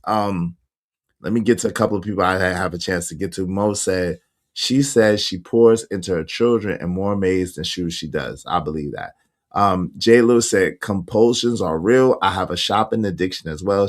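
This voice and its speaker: Animated man hosting a live chat. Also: sits low. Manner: animated, laughs often, slangy and emphatic. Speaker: livestream host reading viewer comments. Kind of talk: casual chat.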